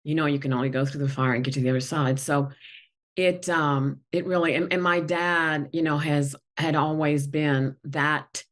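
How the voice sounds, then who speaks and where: Low-voiced woman telling a heartfelt story. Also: little pitch movement, normal speed. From not from the country where she went to school. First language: not English. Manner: earnest, tearful at times, many fillers. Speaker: guest executive. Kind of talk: emotional personal storytelling.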